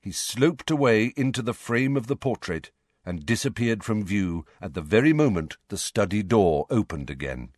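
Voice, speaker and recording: Lively low-voiced man reading a story. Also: normal speed, no echo, studio quality. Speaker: audiobook narrator. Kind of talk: scripted narration.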